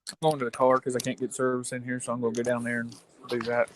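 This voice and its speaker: American man, folksy rough talk, casual call-in chat, mid pitch. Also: completely flat delivery, fast, very noisy. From United States. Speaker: guest caller.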